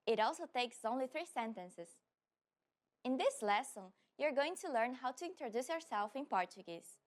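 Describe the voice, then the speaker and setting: A woman hosting a short language lesson, speaking in an upbeat, clear way and slowing down to repeat key phrases. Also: high voice. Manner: upbeat, clear, slows down for repetition. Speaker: language teacher host.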